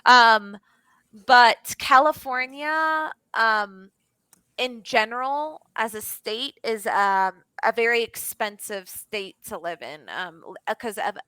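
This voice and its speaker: Young woman English tutor, bright and high-ish, dry close sound, chatty with lots of fillers, video call. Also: takes it slowly, clear, resonant tone, dry recording. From Florida. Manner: chatty, many fillers and restarts. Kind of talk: casual online lesson chat.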